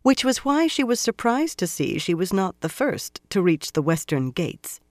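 A narrator reading a fantasy novel aloud in a measured, even storytelling delivery. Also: medium pitch, no echo, studio quality. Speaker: audiobook narrator. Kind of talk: scripted fantasy audiobook narration.

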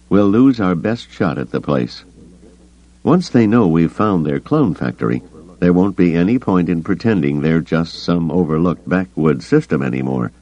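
A man voicing a decisive male starship captain who gives brisk orders, on a dull, lo-fi cassette recording. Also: deep voice, mellow, pitched above the performer's own voice.

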